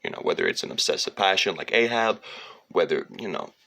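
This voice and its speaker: A man's voice: deep voice, huge pitch swings, brisk, gravelly, bright, forceful tone. A man telling a digressive, profane story in a rambling monologue. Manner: digressive, profane, slips into sung lines and mocking voices.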